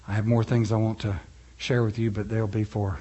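A male pastor delivering a sermon in a conversational way. He asks his listeners questions and moves between loud, high-pitched preaching and quiet, low, soft passages. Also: level tone, brisk, slightly rough, lo-fi sound.

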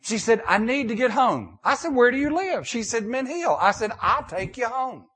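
An older male pastor preaching with a folksy, storytelling manner. His voice sits high for a man and leaps up and down with lively swings. He repeats and restarts phrases as he talks. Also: moderate pace, slightly rough. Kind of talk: sermon with storytelling.

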